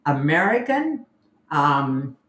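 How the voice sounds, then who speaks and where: An Australian podcast co-host chats casually and sleepily, drawing words out at an unhurried pace. The talk wanders, with easy laughs and the odd casual swear. The sound is roomy, with an echo around the voice. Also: medium pitch, sing-song, fairly bright tone. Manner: laid-back, rambling, laughs and swears casually. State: half asleep. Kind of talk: casual live podcast chat.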